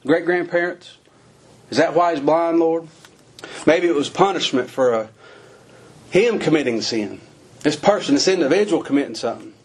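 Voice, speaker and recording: A man's voice: a little high, normal speed, long pauses, slightly rough. A man preaching a sermon in a folksy, questioning way, using plain rural phrasing and asking lots of rhetorical questions.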